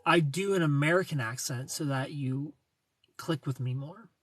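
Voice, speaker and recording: A man's voice: fairly high pitch, normal speed, fairly bright tone, dry recording. A young man hosting a casual livestream, reading viewer comments and joking playfully, greeting people by name. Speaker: livestream host reading chat.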